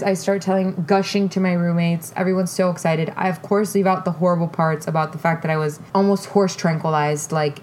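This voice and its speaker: A woman's voice: fairly low pitch, slight background noise. Profane young woman telling a story. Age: young adult. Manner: candid, profane, animated retelling with quoted voices. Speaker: podcast host. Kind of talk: casual storytelling chat.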